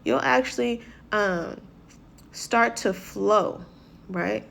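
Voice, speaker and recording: A woman's voice: medium pitch, steady tone, measured pace, gravelly, a little hiss or hum. Woman speaker, conversational motivational talk, mid-range voice, keeps checking in with listeners. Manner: conversational, keeps asking "right?"; acts out quoted voices.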